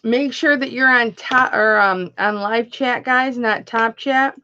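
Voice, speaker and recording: A woman's voice: a little high, unhurried, pushed and bright, dull audio, slight background noise. A woman hosting a live online jewelry auction, chatting casually and calling out bidders by name as she counts down the bids. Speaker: auction host.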